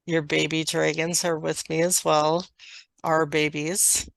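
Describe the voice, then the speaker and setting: A woman in trance channeling a gentle, loving dragon spirit, speaking slowly and softly in solemn blessings. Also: low-pitched, level tone, gravelly, no room sound, voice pushed down, exaggerated voice. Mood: tender. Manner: slow, soft, solemn blessing.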